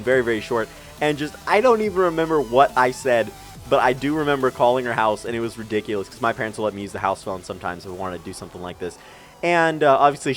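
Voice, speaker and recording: Fast-talking young man rambling a storytime. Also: mid-range voice. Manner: rambling, self-mocking, swears freely. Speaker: gaming channel storyteller. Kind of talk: storytime commentary over gameplay.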